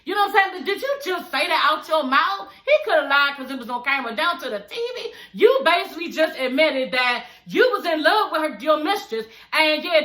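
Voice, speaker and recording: In a high, pushed and bright voice, a woman gives a blunt, sassy, profane recap of a reality show as casual commentary. The room she's in sounds echoey.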